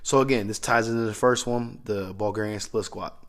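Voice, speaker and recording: A man with a lowish, fairly even, brisk voice talks as a strength coach, explaining training methods in casual instructional talk. His delivery is loose and conversational, with restarts and asides.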